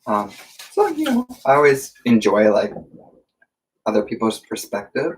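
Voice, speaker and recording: A man chatting casually on a live stream while he eats at home, hesitant and full of filler pauses. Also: medium pitch, wildly swooping pitch, distant mic, rough recording. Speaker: livestream co-host. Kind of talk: casual chat while eating. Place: warm room at home.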